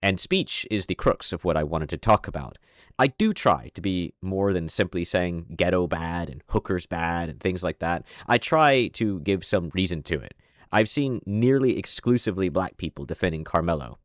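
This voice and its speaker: A man with a low voice and an American accent touched by a light Southern twang delivers a scripted commentary monologue. His tone is sardonic and opinionated, with wry asides. The recording is close and dry, with no room sound. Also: lively intonation, moderate pace, no room sound. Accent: American with a slight Southern twang. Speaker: online commentator.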